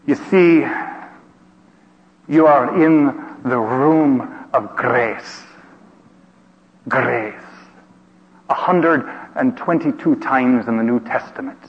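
A man preaching a sermon as a dramatic story, speaking emotively, by turns hushed and shouted. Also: mid-range voice, slow, long pauses. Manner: emotive, theatrical, with hushed passages and shouted outbursts. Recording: dull sound with long hall reverb.

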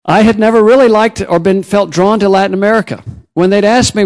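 A man preaching a sermon, his voice sitting on the high side for a man. He tells stories from his mission work and swings his pitch up and down as he goes. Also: normal speed. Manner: storytelling, with lively rises and drops in pitch.

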